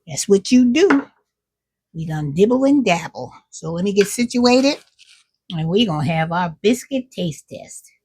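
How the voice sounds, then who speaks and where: A woman's voice: medium pitch, lively intonation, measured pace, dark tone, breathy edge. A middle-aged woman hosting her own cooking vlog, chatting with viewers while she tastes her food. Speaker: cooking vlogger. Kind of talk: casual cooking vlog chat.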